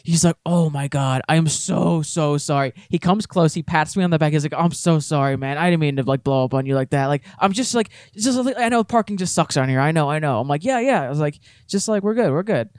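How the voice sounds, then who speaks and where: A man's voice: a little high, brisk, hardly any pauses, smooth, no echo, studio quality. A young man co-hosting a podcast, telling a story in casual chat and acting out the people in it. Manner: animated storyteller, acts out the people in his story. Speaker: podcast co-host.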